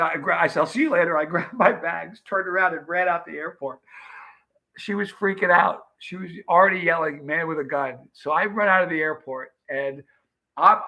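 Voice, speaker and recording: This is an American livestream host in middle age, spinning a meandering yarn for his chat with plenty of false starts and performed quotes. His voice sits on the high side with a sharp edge.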